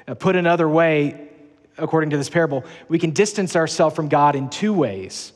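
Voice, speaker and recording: A man's voice: a little high, expressive, a little fast. Earnest preacher man in an echoing hall. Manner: earnest, emphatic, repeats key phrases. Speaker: pastor. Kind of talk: sermon.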